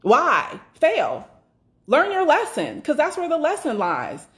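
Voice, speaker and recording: A woman's voice: high-pitched, huge pitch swings, fairly bright tone. A woman giving a casual motivational talk as a doula business mentor, emphatic and repetitive, swearing freely and acting out her own inner thoughts. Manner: emphatic, repeats phrases for stress, swears freely; acts out inner thoughts in quick rushed asides.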